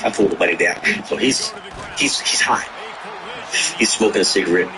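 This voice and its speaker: A man telling stories in casual chat, animated, acting out the people he quotes and swearing freely. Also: low-pitched, a little fast, noisy background. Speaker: livestream host telling stories. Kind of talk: casual storytelling.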